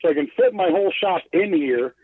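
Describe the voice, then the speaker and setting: A guest glassblower, animated and brisk with a voice that sits high, talks casually in a podcast interview from inside his bus. He's self-deprecating and loose, swearing often and using lots of filler words. The call comes over a tinny phone line with no room sound.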